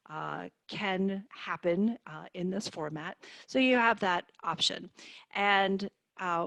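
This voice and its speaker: A woman speech therapist teaching on a video call, in a clear and encouraging manner. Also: on the low side, fairly bright tone, no echo. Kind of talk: online therapy demonstration.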